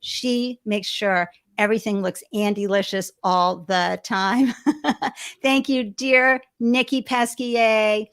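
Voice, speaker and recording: A woman's voice: mid-range voice, steady tone, slow, a bit bright, smooth. A woman hosting a live-streamed interview show on a video call, gushing and effusive as she greets viewers by name. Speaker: show host. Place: home studio with balloons behind.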